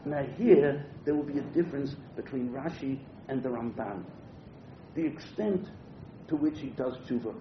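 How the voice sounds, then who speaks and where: A man's voice: mid-range voice, normal speed, slight background noise. A man teaching a Torah class, reading Hebrew verses aloud and translating them, with frequent hesitant fillers between phrases. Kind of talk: text-based Torah class. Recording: muffled roomy classroom recording.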